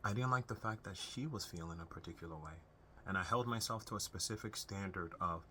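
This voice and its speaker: A man's voice: deep voice, brisk, sharp tone, a little hiss or hum. A young man talking earnestly to camera, giving unscripted advice on family relationships in a conversational way with frequent restarts. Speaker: self-help video host.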